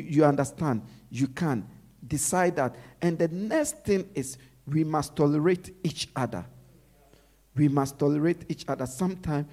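A man's voice: on the high side, creaky, darkish tone. A male preacher giving a sermon, repeating his points with emphasis and asking the congregation to finish his sentences.

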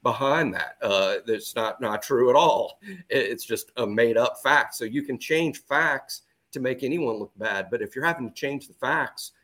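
Halting, stammering podcast co-host man. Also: mid-range voice, lively intonation, a bit bright. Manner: halting, repeats words, restarts. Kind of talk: casual chat.

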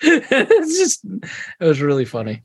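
Slow, giggly husky-voiced co-host. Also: medium pitch, huge pitch swings, no echo. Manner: giggly, laughs a lot. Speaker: podcast co-host. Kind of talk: casual comedy podcast chat.

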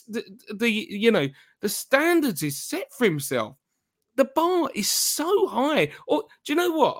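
A man hosting a casual football podcast, talking in an excitable, gushing way with halting restarts. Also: high voice. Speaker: podcast host.

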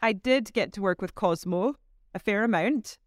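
A woman guest talks freely in a casual interview, laughing easily and peppering her answers with fillers. Her voice sits at a middle pitch. The sound is dry and close. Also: moderate pace, no echo. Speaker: actor guest.

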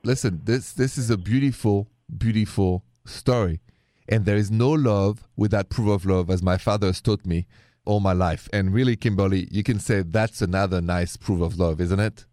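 A man's voice: fairly low pitch, steady tone, normal speed, dark tone, dry recording, studio quality. A man hosting a late-night radio advice show, earnest and caring, slipping words into his talk. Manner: earnest, sprinkles French words.

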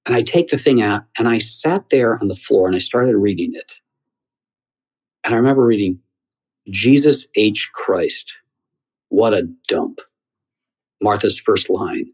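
A middle-aged man, a theater writer and former talk show host, telling a story in an interview, lively with halting restarts. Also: lowish voice, rough recording. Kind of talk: anecdotal interview answer.

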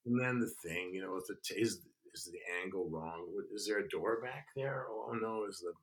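An older man, a guest actor, telling stories in a casual interview, animated and full of restarts and "you know". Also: low voice, fairly quick, a little hiss or hum. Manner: animated, restarts and lots of 'you know'.

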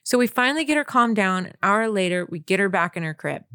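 A young woman co-hosts a casual podcast chat, telling a story in an animated way and acting out her own reactions. Her voice is dry and close, with no room sound around it. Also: medium pitch, fast talker, clear, resonant tone, dry recording. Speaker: podcast co-host.

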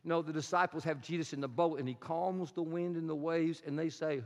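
A male pastor preaching a sermon in a church, telling a story with animated, rising emphasis. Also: a little high, fairly quick, few pauses. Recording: long hall reverb.

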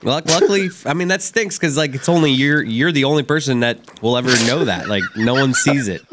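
A man's voice: medium pitch, brisk. A man co-hosting a casual podcast, teasing his partner in a wry way. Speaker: podcast co-host. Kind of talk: casual chat. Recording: noisy podcast recording.

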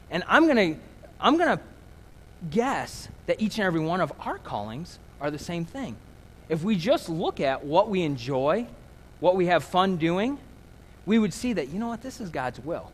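A man's voice: on the high side, sing-song, normal speed. A man in his thirties preaching a casual, conversational sermon as a pastor, telling stories with self-deprecating humor. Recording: long hall reverb.

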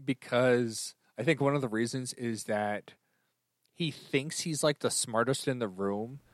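A man co-hosting a podcast in relaxed, hesitant casual chat. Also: mid-range voice, unhurried, no room sound. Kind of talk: casual chat about an audio drama.

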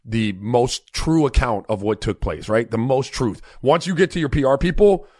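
A man's voice: mid-range voice, expressive, moderate pace, a little mellow, dry recording, clean studio sound. A man co-hosting a casual sports talk show, rambling with many fillers. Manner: rambling, heavy fillers like "like" and "look".

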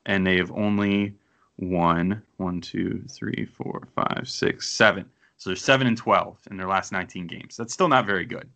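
A man with a fairly low, bright and forceful voice hosts a casual sports podcast. He rambles, thinks out loud and pokes fun at himself. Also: normal speed, creaky. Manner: self-deprecating, rambling, thinks aloud. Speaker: podcast host.

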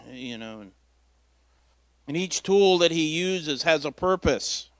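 A man's voice: a little high, expressive, slow pace, long pauses, fairly bright tone, no room sound. A man, a lay preacher, giving an informal sermon in a folksy, storytelling way with self-deprecating humor. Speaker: lay preacher filling in at church.

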